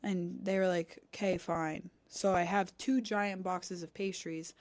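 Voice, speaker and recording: A woman's voice: lowish voice, unhurried, no echo. A young woman co-hosting a podcast, telling a story in casual chat and animatedly acting out the dialogue. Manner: animated, acts out quoted dialogue, cusses. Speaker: podcast co-host. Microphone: studio podcast mic.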